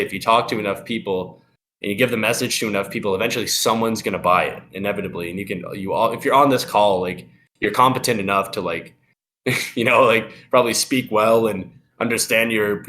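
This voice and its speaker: A man's voice: fairly low pitch, fairly bright tone, slight background noise. A young man giving loose, profane sales advice on a live call, acting out phone calls. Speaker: sales expert guest.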